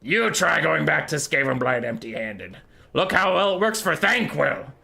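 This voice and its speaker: A man voicing a furious, short-tempered ratman warlord who screeches and shouts. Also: fairly high pitch, very animated, moderate pace, creaky, pitched above the performer's own voice, heavily acted.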